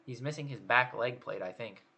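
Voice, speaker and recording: A man's voice: medium pitch, fairly quick, vocal fry, bright, forceful tone. A man hosting his channel, judging contest photos in a casual chat and thinking aloud with hesitant restarts.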